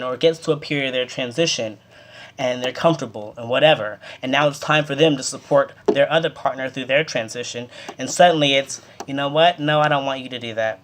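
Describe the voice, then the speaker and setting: A vlogger talking straight to the camera in a heated, impassioned way. The voice scolds with emphatic repetition and pushes up to loud, forceful peaks. Between those peaks it settles back into a steady, lower tone. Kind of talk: direct-to-camera advice rant.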